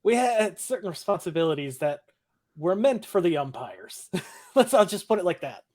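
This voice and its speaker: A man's voice: sits high, sing-song, moderate pace, darkish tone. Blunt, laid-back young man. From Ohio, USA. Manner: laid-back, blunt, swears and laughs often. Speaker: podcast co-host. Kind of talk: casual chat recapping a TV episode.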